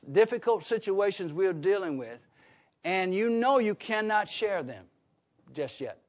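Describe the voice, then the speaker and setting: A man preaching a sermon in a conversational way, often asking his congregation questions and starting sentences over. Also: sits high. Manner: call-and-response questions to the congregation; conversational, with frequent restarts. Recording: dull lo-fi recording.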